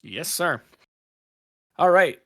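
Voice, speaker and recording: A man hosting a laid-back podcast, his voice pitched a touch high for a man. He rambles through his questions, stopping and restarting as he goes. The talk is loose and informal. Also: expressive, slow pace, fairly bright tone. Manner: rambling, self-correcting questions with frequent fillers. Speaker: podcast host. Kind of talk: casual chat.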